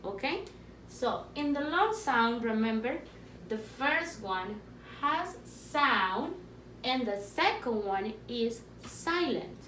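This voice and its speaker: A woman with a Spanish accent teaching a phonics lesson to young learners, patient and slow, repeating words for the children. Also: on the high side, lively intonation, a bit bright. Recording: echoey room, faint background noise.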